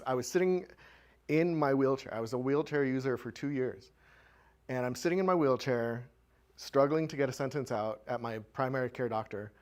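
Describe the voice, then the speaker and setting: A man presenting at a community show-and-tell, telling a candid personal story to a live audience in a conversational way with frequent filler words. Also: medium pitch.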